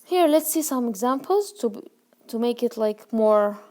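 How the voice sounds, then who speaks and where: A woman teaching a grammar lesson, repeating key words slowly and checking that learners follow. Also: on the high side, lively intonation, mellow. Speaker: English teacher.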